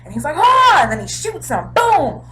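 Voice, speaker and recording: A young woman casually recapping a TV episode in a chatty, animated way, throwing in sound effects. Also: sits high, brisk, over music, low-quality recording. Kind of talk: casual chat.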